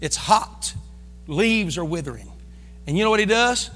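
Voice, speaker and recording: A man preaching a fervent sermon, calling on his congregation to respond and breaking into shouts. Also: high voice, big pitch swings, moderate pace, big-room sound, faint music behind. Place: church sanctuary.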